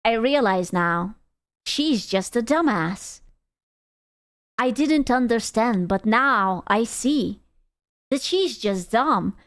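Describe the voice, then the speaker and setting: A woman's voice: on the high side, lively intonation, takes it slowly, pauses often, fairly bright tone. A young woman streaming, giving blunt, sarcastic and profane reaction commentary on a clip.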